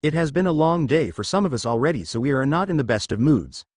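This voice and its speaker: A man's voice: fairly high pitch, very animated, fast, darkish tone, no room sound, studio quality. A man reading the lines of an apologetic female council member.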